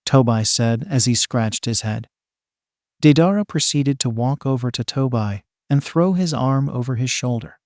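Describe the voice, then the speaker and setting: A man narrating a fan fiction story in a plain, even reading voice. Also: mid-range voice, normal speed, no echo, studio quality.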